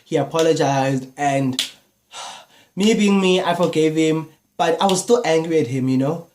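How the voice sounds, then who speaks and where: A man's voice: fairly high pitch, measured pace, slight background noise. Young South African man telling a story. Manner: casual, animated retelling with slang fillers. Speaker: YouTuber. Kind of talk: storytime vlog.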